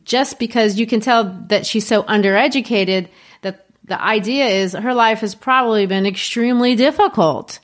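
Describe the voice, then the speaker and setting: A woman discussing a poem in a relaxed, explanatory way, with fillers and self-corrections. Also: fairly high pitch, normal speed. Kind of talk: literature discussion.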